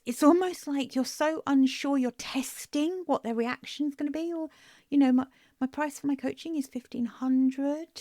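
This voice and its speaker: A business coach hosting her own podcast talks directly and emphatically to listeners in a solo monologue, repeating phrases to drive each point home. Her voice is high with a dark tone, recorded dry and clean in a studio.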